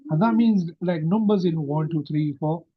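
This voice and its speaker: A man's voice: fairly high pitch, moderate pace, husky. A man teaching an Arabic grammar lesson over a video call, patiently quizzing his student. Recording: muffled video-call audio.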